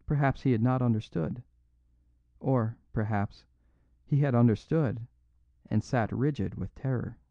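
A man narrating a classic story in a measured, even storytelling voice, in a dry, dull recording. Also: mid-range voice, creaky, no room sound. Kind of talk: audiobook narration.

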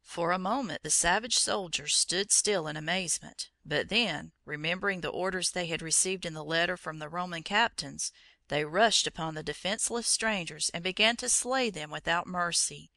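Storybook narrator, measured reading, gravelly voice, dry close recording. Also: mid-range voice, bright, forceful tone, no echo.

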